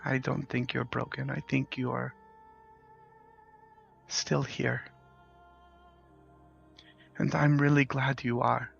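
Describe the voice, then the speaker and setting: A man voicing a small gentle young girl who softly and hesitantly comforts a friend. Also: medium pitch, little pitch movement, takes it slowly, vocal fry, pauses often, breathy edge, heavily acted. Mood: tender. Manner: soft, hesitant and tender. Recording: slightly dull, lo-fi with faint music.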